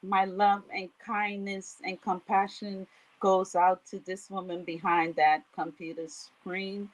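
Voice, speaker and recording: A woman with a New York accent speaks slowly on a livestream. She talks hesitantly and fills her pauses with ums and likes as she introduces herself to the audience. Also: mid-range voice, flat delivery, poor audio. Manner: slow, hesitant, many fillers. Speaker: guest. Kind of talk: livestream interview.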